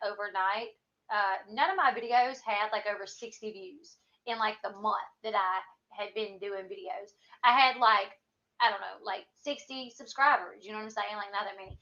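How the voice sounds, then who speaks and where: A YouTube host in her thirties rambles through a casual livestream chat full of fillers, her Southern accent carrying a country twang. Her mid-range voice is bright and forceful, though the recording sounds dull and lo-fi.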